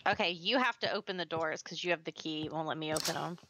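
A young woman playing a co-op horror game, calmly planning the next steps for her partner. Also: deep voice, fast talker, a little hiss or hum, rough recording. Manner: calm, directing, plans next steps. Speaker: co-op gaming partner. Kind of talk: casual gameplay chat.

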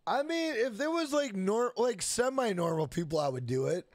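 A man's voice: high-pitched, expressive, normal speed, dry recording. A young man streaming a game, chatting loosely with profanity, repeating himself and reading chat questions aloud. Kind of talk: casual live stream chat.

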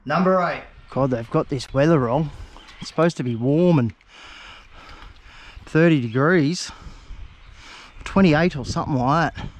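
An Australian man with a fairly high voice narrates his fishing trip outdoors by a river. He chatters to the fish and the viewers, excited and casual, in a loose vlog style. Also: a little slow, long pauses, a little hiss or hum. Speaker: fishing channel host.

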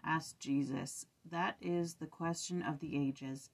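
A tired young woman with a fairly low voice reads scripture aloud at home. She drifts into chatty reflection, trips over words and corrects herself as she goes. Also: fairly even intonation, slow pace, creaky, few pauses, husky. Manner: chatty, tired, restarts and fillers while reading aloud. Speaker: scripture study vlogger. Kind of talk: casual scripture reading and reflection. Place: home room.

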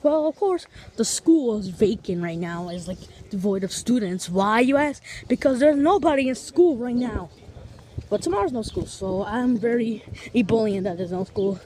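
Woman vlogger, higher voice, chatty walk-and-talk outdoors, fond of fancy words. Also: lively intonation, normal speed, darkish tone. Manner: chatty, piles on big vocabulary words; talks to viewers while walking. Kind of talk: casual walking vlog. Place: outdoors on streets and in a park.

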